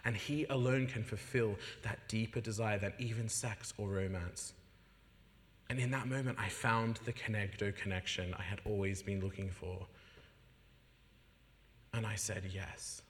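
A man giving an animated personal testimony as a guest preacher, acting out the voices of the people in his story and laughing often. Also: lowish voice, measured pace. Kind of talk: testimony in a sermon. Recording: long hall reverb.

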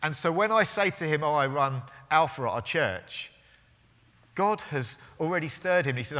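A man's voice: on the high side, expressive, normal speed, sharp tone. A man in his forties preaching a sermon as pastor, telling a story with restarts and acting out both sides of the conversation. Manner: storytelling, with hesitant restarts and acted-out dialogue. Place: church hall. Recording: long hall reverb.

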